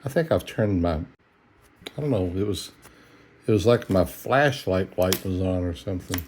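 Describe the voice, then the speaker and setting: Tired, easygoing man with a low voice. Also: expressive, unhurried, a little mellow, slight background noise. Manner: easygoing folksy chatter, chuckling. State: tired and yawning. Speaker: coin roll hunter. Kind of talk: casual narration while searching coins.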